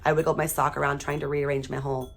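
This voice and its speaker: A woman teacher reading a children's chapter book aloud in a steady, expressive way. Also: sits low, quick pace, creaky.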